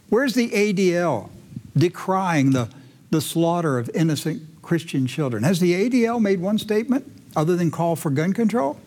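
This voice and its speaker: A man hosting a commentary show, talking indignantly and moving between heated outbursts and hushed, emotional passages. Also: high voice. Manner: indignant, swings from loud ranting to hushed emotional. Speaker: host.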